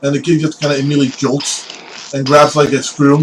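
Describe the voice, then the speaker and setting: A man's voice: on the high side, flat delivery, brisk, slight background noise, poor audio. A man narrating as game master of a tabletop game, rambling with frequent fillers.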